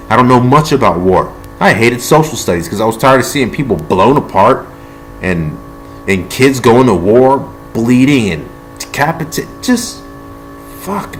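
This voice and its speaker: A man from the United States delivering a heated, rambling political monologue. He repeats himself, restarts sentences, swears now and then, and speaks from among his tools. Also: mid-range voice. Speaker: political video blogger.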